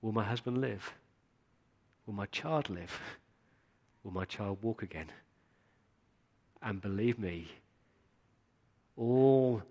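A man's voice: fairly low pitch, a little mellow. A male pastor giving a sermon, speaking earnestly and appealing directly to his congregation.

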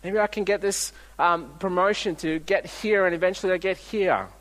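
A man preaching a sermon in a relaxed, storytelling way, often restarting his sentences. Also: sits high, normal speed. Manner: conversational, storytelling with frequent restarts. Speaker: pastor. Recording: long reverb of a large hall.

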